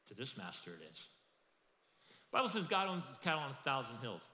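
A middle-aged man preaching a sermon as pastor, animated and acting out quoted voices. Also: medium pitch, a little fast, pauses often. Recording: echoey church hall.

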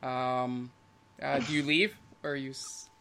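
A man's voice: medium pitch, flat delivery, measured pace, gravelly, a crowd in the background. A man running a tabletop game as game master, talking casually with plenty of fillers. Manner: casual, rambling with many fillers.

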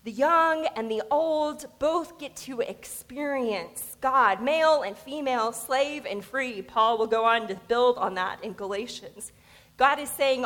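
A woman pastor with a Southern American drawl delivers a conversational sermon, slipping in casual asides as she tells stories. Her voice sits a little high. The long reverb of a church sanctuary trails each phrase. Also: unhurried, a bit bright. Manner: informal storytelling with asides.

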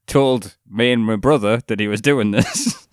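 A man's voice: on the low side, measured pace, slight background noise. A young man, co-hosting a podcast in casual chat, rambling, laughing and swearing. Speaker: podcast co-host.

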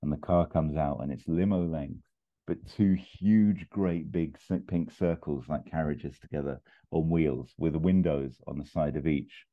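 A man casually pitching a comedy plot, rambling and chuckling with quick put-on voices. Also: fairly even intonation. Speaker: podcast host pitching a film plot. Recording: tinny phone-like line.

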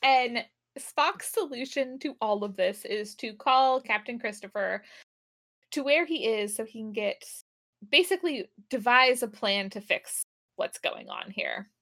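A woman's voice: fairly high pitch, unhurried, fairly bright tone. A woman co-hosting a casual chat podcast, recapping an episode, laughing often and acting out the characters' lines. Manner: laughs often, acts out quotes. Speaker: podcast co-host.

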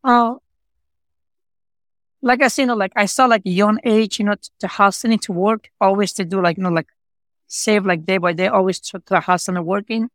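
A pizza shop owner, here as an interview guest, tells his own story earnestly and with feeling, using broken non-native English, repeating himself and peppering in "you know, like." He speaks at a normal speed in a high-pitched, steady, slightly bright voice, recorded with no room sound.

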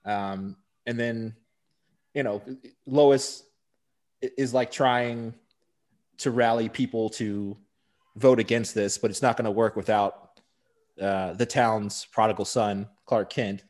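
A man's voice: lowish voice, steady tone, slow pace, pauses often, darkish tone. A man co-hosting a podcast, recapping a TV episode in casual chat and often agreeing with "right". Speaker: podcast co-host.

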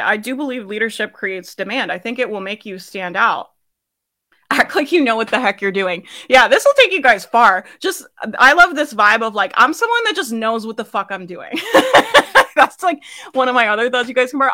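A woman's voice: mid-range voice, sharp tone. A young woman hosting a live business coaching session, talking casually and emphatically, often asking "right?" and laughing. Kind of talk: casual motivational coaching talk.

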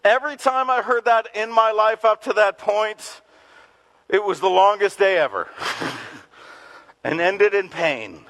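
A middle-aged male pastor preaching a sermon, telling a story with lively laughter and acted-out quotes. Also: fairly high pitch, rough recording. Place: church gathering in a community center.

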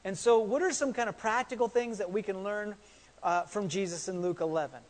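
Male pastor, high voice, chatty sermon delivery with repeated words and questions, reverberant church sound. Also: fairly quick. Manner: conversational, repeats words, asks the congregation questions.

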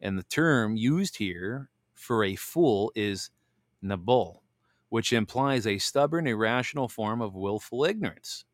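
A man's voice: on the low side, lively intonation, measured pace, dry recording, studio quality. A man hosting a Bible devotional show, telling a story casually with many fillers and reading scripture aloud. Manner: rambling storyteller, many "you know" fillers.

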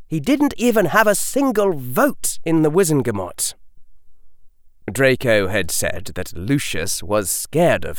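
A man narrating an audiobook in a dramatic, measured storytelling manner. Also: mid-range voice, dry recording, clean studio sound.

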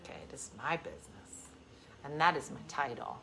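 A woman in her forties hosting a livestream, telling stories in a casual chat and swinging from loud bursts to hushed asides. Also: a bass voice, sing-song, fairly quick, vocal fry, a little hiss or hum. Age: 40s. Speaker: livestream host.

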